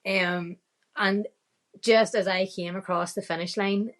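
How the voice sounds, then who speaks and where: A woman's voice: mid-range voice, fairly even intonation, measured pace. A woman with a Northern Irish accent, a podcast guest telling a story casually, quoting her own thoughts and laughing often.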